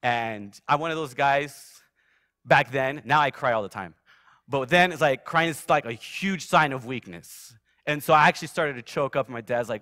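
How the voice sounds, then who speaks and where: Bright-voiced man preaching a vivid testimony. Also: on the high side, moderate pace, no room sound, studio quality. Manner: vivid storyteller, surging loud then dropping soft. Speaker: guest preacher. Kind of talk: sermon with personal testimony. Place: church sanctuary.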